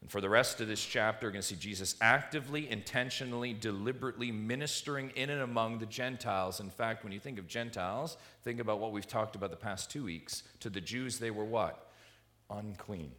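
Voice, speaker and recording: A male pastor preaching through a passage, voice bright and forceful over a lowish pitch. He leans hard on key words and keeps asking the congregation questions, then answers them himself. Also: fast, hardly any pauses. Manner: emphatic, rhetorical questions to the congregation. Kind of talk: expository sermon.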